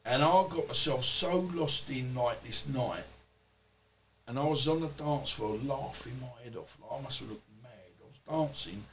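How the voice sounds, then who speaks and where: A man's voice: mid-range voice, normal speed, fairly bright tone. A man, a podcast guest, telling stories in a rambling, colloquial way and swearing freely. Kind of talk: casual storytelling interview.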